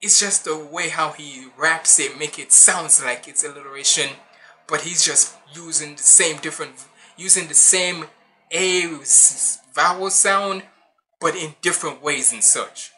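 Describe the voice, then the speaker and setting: A man's voice: on the high side, a little slow, bright, forceful tone. A man hosting a music reaction channel, talking casually in a rambling, loose way full of slang and restarts.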